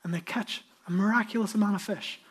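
A man's voice: high-pitched, a little fast, breathy edge. A male pastor preaching a sermon in an earnest, conversational way, putting questions straight to his listeners.

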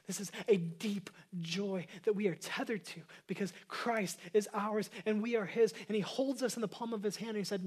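A pastor preaches an earnest sermon, repeating key phrases and moving between emphatic lines and hushed ones. His voice is high and husky.

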